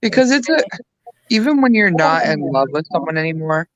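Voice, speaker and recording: A woman's voice: low voice, sing-song, fairly quick, no room sound, muffled recording. Chatty woman with a dry voice. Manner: rambling, many restarts and fillers. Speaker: podcast co-host. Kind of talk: casual chat.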